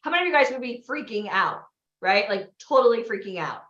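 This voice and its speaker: A woman hosting a live event, giving an animated motivational talk and asking the audience questions. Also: a little high, a little fast. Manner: animated, exclaiming, asks the crowd questions. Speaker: event host. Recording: echoey, dull livestream audio.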